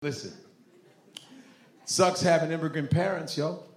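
A man doing stand-up and crowd work, brash and profane, with loud bursts. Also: a little high, unhurried. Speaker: stand-up comedian. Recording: live club with audience noise. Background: audience laughter.

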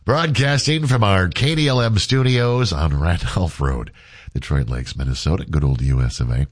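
A man's voice: low voice, normal speed. A man hosting a casual morning radio show, talking through a stuffy, congested nose in a chatty, self-mocking way. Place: radio studio.

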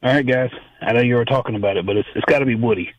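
A man in his thirties calling in to a radio show, speaking quickly and eagerly. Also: medium pitch, no echo. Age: 30s. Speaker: caller. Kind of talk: call-in phone chat. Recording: muffled phone line.

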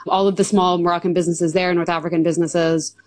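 A young woman with a hoarse, worn voice talks upbeat and chatty as a radio guest. Her voice sits a little low and sounds dry and close. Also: level tone, fast, darkish tone, no echo, low-quality recording. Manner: upbeat, chatty, laughs easily. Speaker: guest, community organizer. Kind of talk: live radio interview.

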